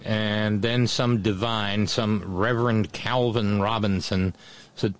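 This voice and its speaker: A man's voice: fairly low pitch, fairly even intonation, slow. A man giving a sardonic commentary monologue, mocking and scornful, with wry asides between the quotes he reads out. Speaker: political commentator.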